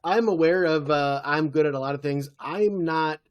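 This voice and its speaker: The audio is dull as a man in his thirties, speaking smoothly at normal speed in a fairly high voice, recaps a TV episode on a podcast he co-hosts. He keeps it casual and acts out quoted dialogue.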